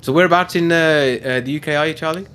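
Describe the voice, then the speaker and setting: A man's voice: fairly high pitch, fairly bright tone, clean tone. A man from near Birmingham, hosting a casual livestream chat and telling self-mocking stories. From England, near Birmingham. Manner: chatty storyteller, self-mocking, quick to joke. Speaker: podcast host.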